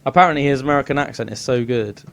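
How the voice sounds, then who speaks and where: A young Englishman co-hosting a podcast in casual, animated chat, often slipping into put-on voices. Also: medium pitch, very fast. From England. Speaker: podcast co-host.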